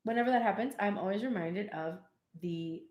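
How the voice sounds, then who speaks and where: A woman giving a casual live tarot reading, chatty and animated, with frequent laughs and cheeky asides. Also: medium pitch, brisk, reverberant, muffled recording. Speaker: tarot reader.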